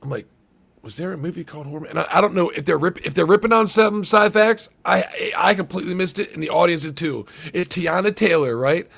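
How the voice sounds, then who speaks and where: A man in casual movie review chat, animated and swearing, acting out scenes in quick voices. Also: high voice, creaky. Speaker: podcast co-host.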